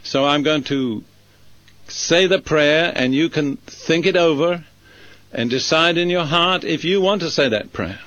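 A male preacher delivering a sermon and leading a prayer, speaking slowly and deliberately, phrase by phrase. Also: fairly high pitch, fairly bright tone, no room sound, highs cut off. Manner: slow, measured, deliberate phrasing.

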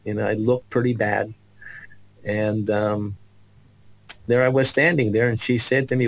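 A man's voice: lowish voice, measured pace, creaky, pauses often, poor audio. A man giving a personal testimony as a guest, telling his story with restarts and acted-out voices. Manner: animated storyteller, acts out voices, many restarts.

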